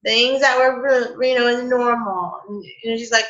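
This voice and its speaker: A woman hosts a casual spiritual chat for a live group. Her voice is bright and fairly high, and she talks with raw feeling, often on the edge of tears. The audio is dull and lo-fi, like a web stream. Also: steady tone, moderate pace, hardly any pauses. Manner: emotional, laughs and near tears, many "like" fillers. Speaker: host of a spiritual coffee chat.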